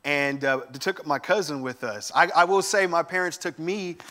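A man giving a sermon, telling lively family stories with humor and enthusiasm. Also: a little high, moderate pace. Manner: animated storytelling with humor. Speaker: guest preacher.

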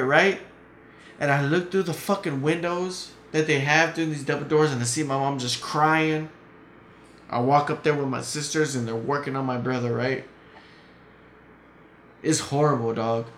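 A man's voice: medium pitch, steady tone, normal speed, a bit bright. A man telling a story in casual chat as a podcast guest, blunt and heated, swearing often. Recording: echoey room, faint noise.

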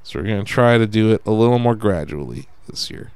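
A man hosting a casual podcast, talking in an animated way and swearing when he gets worked up. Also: lowish voice, a little fast, smooth, no echo. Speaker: podcast host.

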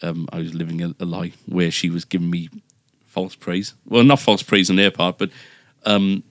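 Podcast host, very low voice, dry close sound, rambling anecdote teller. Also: male voice, level tone, moderate pace, no room sound. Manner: rambling, full of fillers and self-mocking asides. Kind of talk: casual anecdote telling.

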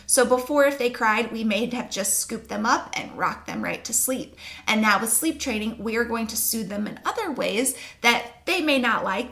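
A woman sleep coach explaining her methods to parents in a calm, reassuring, step-by-step way. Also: fairly high pitch, vocal fry. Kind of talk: instructional talk to camera.

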